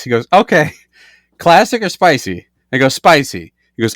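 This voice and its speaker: Animated man telling a story. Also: fairly high pitch, takes it slowly, no room sound, clean studio sound. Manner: animated storyteller, acts out both sides of exchanges, swears freely. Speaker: podcast co-host. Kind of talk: casual chat.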